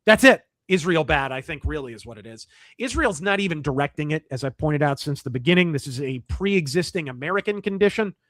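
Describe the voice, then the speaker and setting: A man's voice: on the high side, lively intonation, a little fast, fairly bright tone, dry recording, clean studio sound. A man hosting a livestream, reading chat and articles aloud and answering in a blunt, profane, wry way. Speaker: streamer host.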